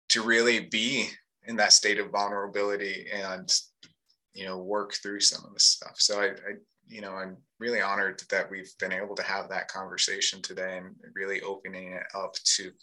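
A man's voice: lowish voice, bright, forceful tone, poor audio. A man co-hosting a live discussion, talking earnestly and thoughtfully about masculinity, with many fillers. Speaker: podcast co-host. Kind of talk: reflective casual discussion.

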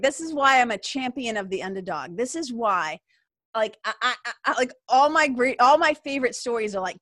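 Woman, 30s, podcast host: chatty, candid and profane, slightly high voice, dry close-miked sound. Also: fairly bright tone, no room sound. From Massachusetts. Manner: candid, swears freely, lots of fillers. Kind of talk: casual storytelling monologue.

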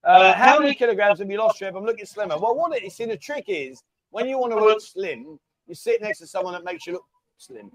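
A man's voice: high-pitched, lively intonation, fairly quick, a bit bright. A man hosting a casual live stream, bantering and teasing viewers. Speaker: livestream host. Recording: dull lo-fi stream audio.

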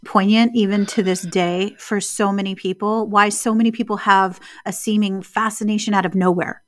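A woman co-hosting a casual podcast, talking in a reflective, storytelling way and slowing down on key words. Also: medium pitch, fairly even intonation, dry recording, clean studio sound. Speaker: podcast co-host.

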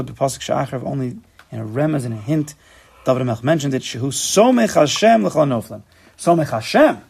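Fast-talking man leading a study class, gravelly and husky. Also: medium pitch. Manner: fast, animated explaining with Hebrew terms. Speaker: Torah class teacher.

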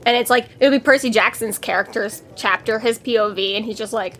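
A woman's voice: fairly high pitch, brisk, fairly bright tone. A woman co-hosting a podcast in casual book-discussion chat, rambling and swearing freely. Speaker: podcast co-host.

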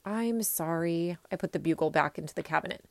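A woman reading a children's story aloud in an expressive first-person way. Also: low-pitched, very fast, creaky, dry recording. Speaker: reader.

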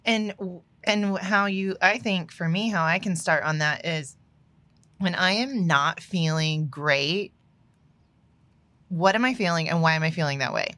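A woman speaking in a casual podcast conversation, thoughtful and supportive as she shares her own view. Her voice is a little lower than most women's and sounds dry and close to the mic. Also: unhurried, sharp tone, dry recording. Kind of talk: casual chat.

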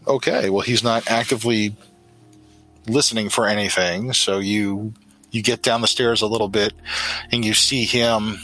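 A man's voice: on the low side, steady tone, moderate pace, sharp tone, faint music behind, poor audio. A man narrating as game master of a tabletop role-playing game, in loose, filler-heavy speech.

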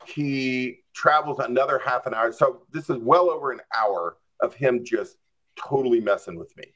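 A man's voice: mid-range voice, moderate pace, fairly bright tone. A man telling a story as a podcast guest, acting out his own reactions with lots of "like.". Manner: frequent "like" and "I'm just like". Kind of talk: casual storytelling.

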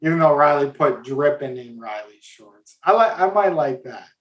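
A man's voice: on the high side, normal speed, lo-fi sound. A man co-hosting a podcast, talking sports with enthusiasm. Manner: enthusiastic, animated, talks in bursts. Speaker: podcast co-host. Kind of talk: casual sports chat.

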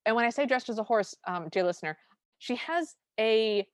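A woman's voice: a little high, animated, moderate pace, dry recording. A woman co-hosting a podcast, recapping a favorite film in an enthusiastic, chatty way. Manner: chatty, enthusiastic, recounting scenes. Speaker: podcast co-host. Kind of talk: casual movie recap chat.

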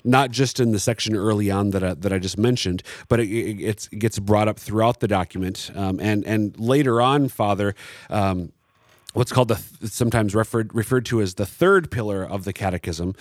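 A man co-hosting a Catholic teaching talk, explaining in a halting way with many restarts and fillers. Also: fairly low pitch, no echo, studio quality. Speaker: Catholic catechism teacher, co-host.

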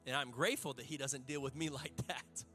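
A man's voice: mid-range voice, fairly quick, pushed and bright, husky, faint music behind. A male pastor, preaching a sermon to a church congregation in a fervent, conversational way with folksy asides.

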